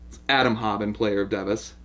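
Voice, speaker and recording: Male host, bright tone, easygoing banter. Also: lowish voice, fairly even intonation. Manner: laid-back banter with quick laughs. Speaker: show host and writer. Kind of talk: casual commentary chat.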